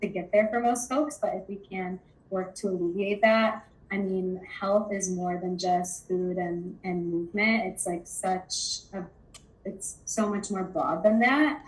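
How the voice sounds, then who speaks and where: A woman's voice: mid-range voice, fairly even intonation, unhurried, low-quality recording. Thoughtful rambling woman guest. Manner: thoughtful, rambling, many fillers. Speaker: guest expert on intuitive eating. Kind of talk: conversational interview.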